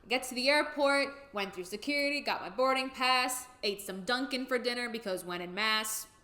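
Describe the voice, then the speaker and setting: A woman's voice: on the high side, moderate pace, sharp tone. A young woman telling a candid, rambling, emotional travel story in a casual vlog. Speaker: vlogger. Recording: echoey room.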